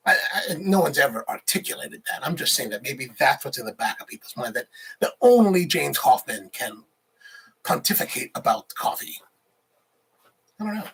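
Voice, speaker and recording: A man's voice: medium pitch, big pitch swings, moderate pace, vocal fry, a bit bright, breathy edge. A man in his forties hosting a casual livestream, rambling and reading viewer comments aloud. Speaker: livestream host, barista.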